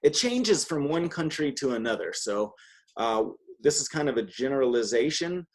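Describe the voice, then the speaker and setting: A man's voice: mid-range voice, big pitch swings, normal speed. Patient male Spanish teacher. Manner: patient, chatty, models words for repetition. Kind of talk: one-on-one language lesson.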